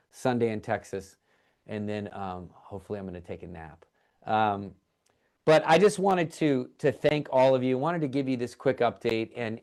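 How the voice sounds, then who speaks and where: A man giving a casual livestream update for his ministry, talking excitedly, rambling and restarting his sentences. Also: on the low side. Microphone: call or livestream setup.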